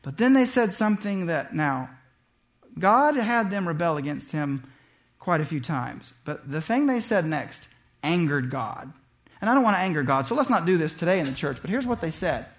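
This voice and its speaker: A man's voice: fairly high pitch, moderate pace. A man preaching a sermon in church, telling Bible stories and acting out the voices of the people in them. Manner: animated storytelling, acts out quoted voices. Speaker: pastor.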